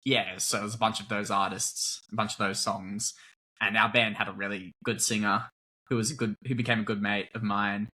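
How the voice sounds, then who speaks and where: A young Australian man and actor, chatting casually in an interview, easygoing and quick to laugh. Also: on the low side, little pitch movement, bright, forceful tone. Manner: laughs often, easygoing, rambles. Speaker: actor, guest.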